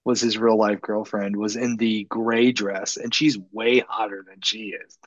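A man's voice: lowish voice, flat delivery, unhurried, no room sound. An enthusiastic man co-hosting a movie commentary, gushing over the film. He is recorded on a dull, muffled mic, and the sound is dry and close. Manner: enthusiastic, says "dude" a lot. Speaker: podcast co-host.

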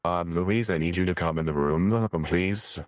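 A man voicing Bob, a serious male lawyer, formal and halting with fillers. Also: low-pitched, close to an everyday voice. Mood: stiff. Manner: formal, hesitant with many fillers. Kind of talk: improvised role-play.

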